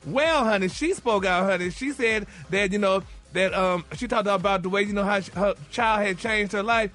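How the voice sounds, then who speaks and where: A man's voice: high-pitched, normal speed, a bit bright. A man co-hosting a morning radio show, chatting flamboyantly and calling everyone "honey.". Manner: flamboyant, sprinkles "honey" and "y'all". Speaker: co-host, gossip segment. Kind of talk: casual morning radio chat.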